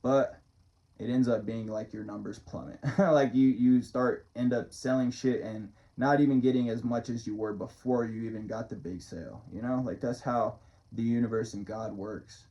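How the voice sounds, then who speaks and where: Mellow, loose-talking man, dull lo-fi sound. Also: mid-range voice, steady tone, moderate pace. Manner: loose, profane, chuckling often. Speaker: motivational vlogger and musician. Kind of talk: casual rambling monologue.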